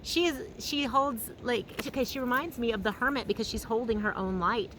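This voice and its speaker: A woman giving an intuitive tarot reading outdoors, talking slowly and dreamily and humming between thoughts. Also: fairly high pitch, noisy background. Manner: slow, dreamy and emotional, humming often. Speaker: tarot reader. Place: field outdoors in the mountains.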